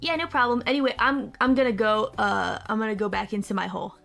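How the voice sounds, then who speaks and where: A cheerful young merchant boy, blunt and breezy, as a woman puts him on. The voice sits a little high. Faint music plays under it. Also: fast, gravelly, fairly bright tone.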